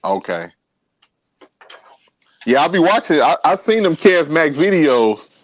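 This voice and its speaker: A laid-back man hosting a casual podcast, speaking in a middle-pitched voice full of fillers and easy laughter. The recording is dry and slightly dull. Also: very animated, unhurried, no echo. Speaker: podcast host.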